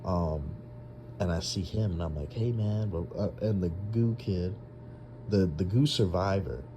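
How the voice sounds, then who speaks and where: A man's voice: deep voice, unhurried, noisy background. A young man casually retelling a long dream, rambling with lots of fillers and restarts. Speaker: storyteller.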